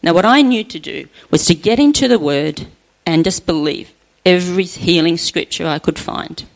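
Middle-aged aussie woman, low gravelly voice, chatty earnest church testimony. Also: normal speed, rough recording. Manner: earnest, chatty, often laughing softly. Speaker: church member sharing a testimony. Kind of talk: personal faith testimony.

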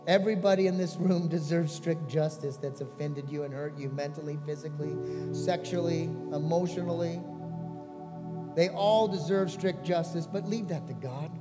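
High-voiced pastor preaching in a reverberant hall. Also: male voice, steady tone, moderate pace, music in the background. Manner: earnest storytelling that swells into pleading exhortation. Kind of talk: sermon.

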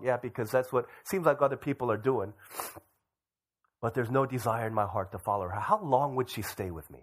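Young male pastor, mid pitch, animated sermon delivery with acted-out quotes. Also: brisk. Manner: animated, acts out quoted voices.

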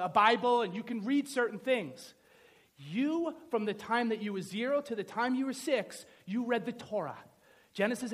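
A pastor from the New York area preaching a sermon in a lively, joking, conversational way, often checking in with "right?". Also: male voice, very high-pitched. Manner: animated, conversational, joking, asks the audience "right?".

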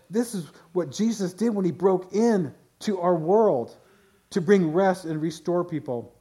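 A man's voice: high voice, measured pace, mellow. A man pastor preaching a sermon in a conversational way, often restarting phrases and voicing quotes.

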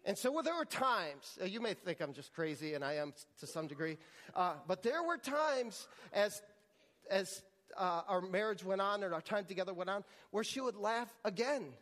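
A man's voice: high voice, lively intonation, moderate pace, fairly bright tone, in a large hall. A man preaching a sermon as pastor, telling a story with frequent restarts and repeated words.

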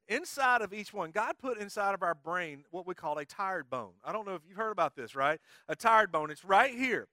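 A male pastor preaching a sermon, playful and energetic, coaxing the congregation to join in. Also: high voice, moderate pace, few pauses, dry recording, clean studio sound. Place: church sanctuary.

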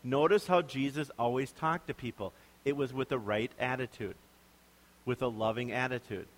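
Joking preacher in a reverberant hall. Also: male voice, medium pitch, normal speed. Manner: conversational, joking, puts on voices to make points. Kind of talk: sermon.

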